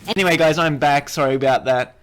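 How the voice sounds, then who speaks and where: A man's voice: fairly high pitch, fast, soft background music. A man giving a casual, rambling game tutorial, cracking jokes and correcting himself as he plays. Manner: rambling, joking, self-correcting. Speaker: gaming video creator.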